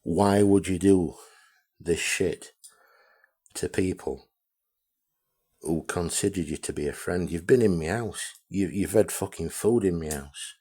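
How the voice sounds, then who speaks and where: Man with a very deep voice for a blunt, profane vlog rant. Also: unhurried, pauses often, dark tone, slightly rough. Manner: blunt, heavily profane, repetitive. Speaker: amateur radio vlogger. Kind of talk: ranting video monologue.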